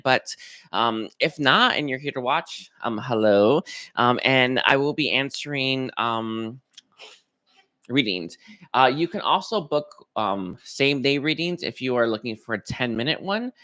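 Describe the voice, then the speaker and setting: Man, mid-pitched, bright tone, casual livestream host, halting and hesitant. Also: animated. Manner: hesitant, lots of ums and restarts. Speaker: psychic reader hosting a livestream.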